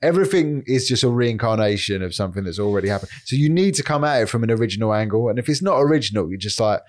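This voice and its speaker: A man co-hosting a comedy podcast, explaining his views in measured casual banter and swearing casually. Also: fairly low pitch, expressive.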